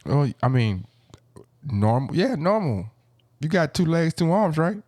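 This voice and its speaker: A man's voice: a little high, very animated, a little slow, darkish tone, no echo, clean studio sound. A man hosting a podcast, rambling and playful, often cutting in on others. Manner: rambling, self-interrupting, playful. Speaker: podcast host. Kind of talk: casual podcast banter.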